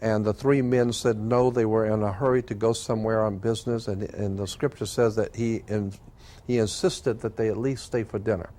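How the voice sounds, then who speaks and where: An older man telling a personal story as an interview guest, earnest and halting, with frequent fillers and restarts. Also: on the low side, fairly even intonation, dark tone.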